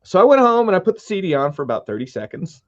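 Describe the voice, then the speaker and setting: A middle-aged man, a musician guest, telling his story with earnest, animated retellings in a casual interview. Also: sits high, very fast, no echo. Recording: dull dry sound.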